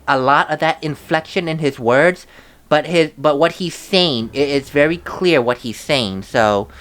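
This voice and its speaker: A woman's voice: sits low, clear, resonant tone. A woman giving casual commentary while playing a video game, chatty and rambling, often restarting her sentences. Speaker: let's play commentator. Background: faint game music.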